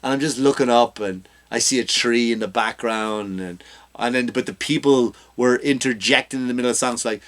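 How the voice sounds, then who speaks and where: A man's voice: mid-range voice, brisk, a bit bright. A male comedian hosting his own podcast, delivering a ranting, self-mocking comedic monologue.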